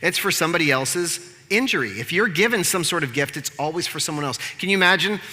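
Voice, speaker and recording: Bright-voiced pastor preaching. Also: male voice, on the high side, quick pace, long reverb tail. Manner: animated, conversational storytelling with humor. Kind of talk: sermon. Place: church sanctuary.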